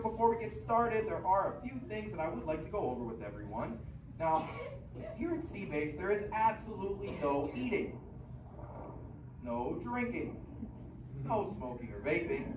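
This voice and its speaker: A young man hosting a theme park show, giving safety rules and warming up the audience. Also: on the high side, big pitch swings, moderate pace, noisy background. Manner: upbeat, friendly instructions. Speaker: attraction host. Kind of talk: safety spiel and audience warm-up. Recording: echoey theater recorded from far off.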